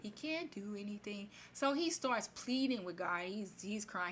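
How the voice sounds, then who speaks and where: A woman retelling a fairy tale in her own casual words, chatty and animated, with many fillers and asides. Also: lowish voice, moderate pace, slight background noise. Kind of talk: casual spoken retelling of a story.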